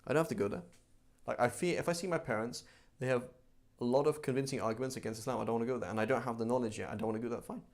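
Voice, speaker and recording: A man's voice: mid-range voice, racing, darkish tone. Conversational male religion teacher. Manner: chatty, conversational, with frequent asides and rhetorical questions. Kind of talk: casual religious class.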